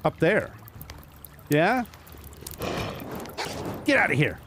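A man's voice: fairly high pitch, very animated, very slow, noisy background. A man giving casual gameplay commentary, chatting to the animals he meets and laughing often as he plays. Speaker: gaming video host.

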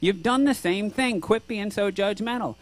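A middle-aged pastor preaches at a moderate pace in a high-pitched voice inside a church sanctuary. He keeps the sermon earnest yet conversational, posing rhetorical questions and voicing both parties in a dialogue.

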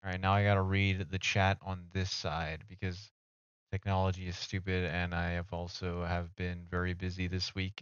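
A man's voice: low-pitched, clear, resonant tone, no echo. A young man streaming live, rambling casually and joking with his chat. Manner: rambling, self-mocking, talks to chat. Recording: dull dry home mic audio.

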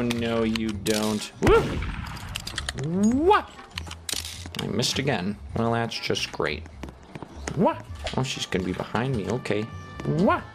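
A young man giving casual commentary as he plays a game, excitable and swinging from loud shouts to quiet muttering. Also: fairly high pitch. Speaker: gaming YouTuber.

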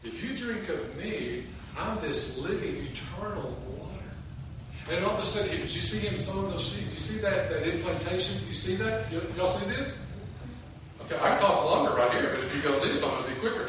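A man's voice: high voice, expressive, normal speed. Male pastor, conversational sermon, quizzes the flock; distant mic, room hiss behind. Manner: conversational storytelling, asks the congregation questions. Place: church sanctuary. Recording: echoey church room, voice from off mic.

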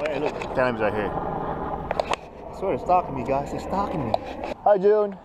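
Excitable man vlogging outdoors, lively pitch. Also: a little fast, very noisy. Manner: excitable, exclaims at the action. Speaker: fishing vlogger. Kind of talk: casual outdoor vlog chatter. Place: outdoors by a bay at sunset.

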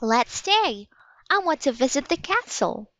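A woman voicing an eager, bold young girl in a storybook reading, talking with excited, pleading insistence. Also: high-pitched, unhurried, dry recording, voice pushed up, exaggerated voice. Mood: insistent. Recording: dry, slightly dull audiobook recording.

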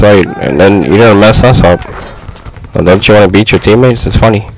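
A young man giving casual gameplay commentary, frustrated and slangy, yelling at his teammates. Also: low-pitched, brisk, low-quality recording. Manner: frustrated, exclaiming, slangy trash talk. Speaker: gaming YouTuber.

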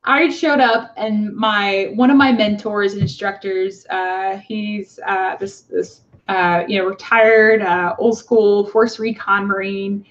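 A woman telling a personal story in casual conversation, halting with fillers and acting out the voices of people she quotes. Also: medium pitch, fairly even intonation. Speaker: guest. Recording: dull lo-fi sound.

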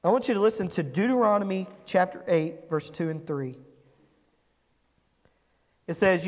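With a long reverb tail behind him, a pastor preaches in a high-pitched voice with lively intonation and a darkish tone. He speaks at normal speed but pauses often, questioning the congregation and acting out quotes conversationally.

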